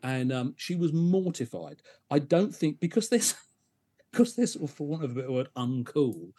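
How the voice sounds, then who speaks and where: An advertising professional appears as a guest on a conversational podcast interview, telling stories in a husky, slightly high voice at a moderate pace. He's an animated storyteller who acts out other people's lines, laughs often, and frequently restarts.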